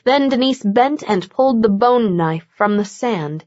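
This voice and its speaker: A woman reading a novel aloud in a measured, steady voice. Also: a little high, dry recording. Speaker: audiobook narrator. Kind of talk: scripted narration. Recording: dull, dry lo-fi audio.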